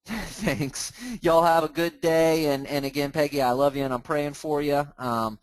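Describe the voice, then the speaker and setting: A man hosting a live training, talking casually as he clicks through software on his screen and restarting words now and then. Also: a little high, little pitch movement, normal speed, clear, resonant tone, no room sound, rough recording. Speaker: host of a mortgage training group.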